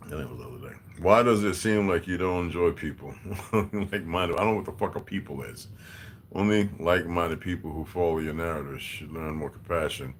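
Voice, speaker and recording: A man hosting a livestream in casual chat, reading and answering viewer comments, profane and blunt, laughing often and swinging between quiet muttering and loud heated outbursts. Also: low voice. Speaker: livestream host.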